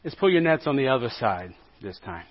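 A man's voice: medium pitch, big pitch swings, a little fast, voice pushed down. A male pastor acting out an easygoing, folksy grown man calling instructions from the shore during a sermon. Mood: instructing. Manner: casual, folksy. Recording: dull lo-fi recording.

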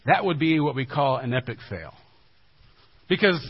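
A male pastor giving a sermon in a conversational way, dropping to a hushed low voice for emphasis. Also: big pitch swings, normal speed, long pauses, slightly rough. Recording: dull lo-fi recording.

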